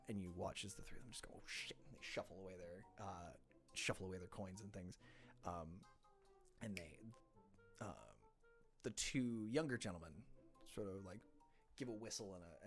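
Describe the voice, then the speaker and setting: A man narrating as game master of a tabletop game, in a loose, meandering way with self-corrections. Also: deep voice.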